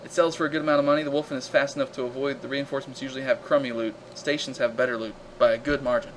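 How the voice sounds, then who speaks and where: A man hosting a live game stream, chatting casually and reacting loudly to the action while reading viewer comments aloud. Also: medium pitch, fairly even intonation, rapid-fire, slight background noise, low-quality recording.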